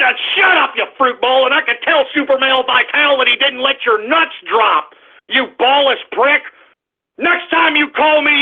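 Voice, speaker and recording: A man hosting a radio show, ranting at callers in an exasperated, shouting manner with lots of swearing. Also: extremely high pitch. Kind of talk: ranting call-in radio talk. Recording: lo-fi phone-like audio.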